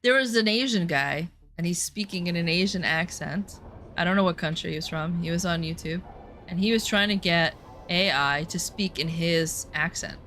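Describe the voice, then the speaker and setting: A woman's voice: fairly low pitch, normal speed, pushed and bright, faint music behind. A woman chatting casually and profanely while streaming a game, full of rambling asides. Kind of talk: casual gameplay commentary.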